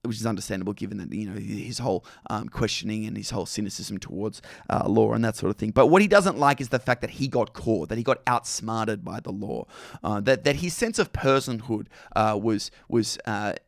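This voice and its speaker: A man's voice: fairly low pitch, a little fast, vocal fry, no room sound, studio quality. An Australian man hosting a film discussion podcast, talking in a thoughtful, searching way with many fillers and restarts.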